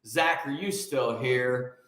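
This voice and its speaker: A man's voice: mid-range voice, slow, a bit bright. Emphatic man in an echoey room. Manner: emphatic, preachy, reads out viewer comments. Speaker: host of a morning livestream. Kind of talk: casual live-stream chat with viewers.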